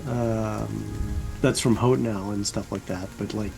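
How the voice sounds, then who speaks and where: A man's voice: on the low side, steady tone, slow, vocal fry, a little mellow, soft background music, rough recording. A man narrating a tabletop game as dungeon master in a loose, descriptive way.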